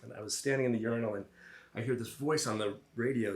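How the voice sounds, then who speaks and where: A man's voice: medium pitch, fairly even intonation, fast talker. A man in his fifties from the Boston area telling a personal story live, with a wry, self-deprecating, conversational delivery. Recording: roomy venue sound.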